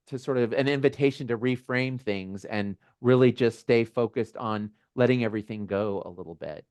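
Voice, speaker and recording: A man hosting a community video call, talking in a gentle, musing way with small laughs and restarts. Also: fairly low pitch, dry recording. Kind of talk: reflective casual talk.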